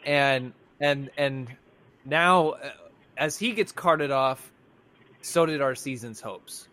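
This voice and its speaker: A man in mid pitch hosts a laid-back fan reaction show, thinking aloud as he goes. He rambles and backtracks, and he sounds worn out and frustrated by his team's bad luck. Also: slow pace, sharp tone. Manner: rambling, exasperated fan rant with frequent restarts. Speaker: podcast co-host. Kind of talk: casual sports fan reaction chat.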